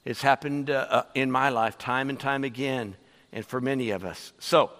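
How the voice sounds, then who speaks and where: A man's voice: medium pitch, fairly even intonation, moderate pace, a bit bright, big-room sound. A middle-aged man preaching a sermon emphatically, with many hesitant fillers. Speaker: pastor. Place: church sanctuary.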